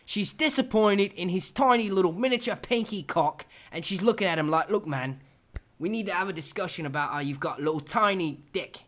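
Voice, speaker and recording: A man putting on the voice of a rowdy male commentator, narrating pictures with crude, halting jokes. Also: high voice, a bit bright, pitched above the performer's own voice. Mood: mocking.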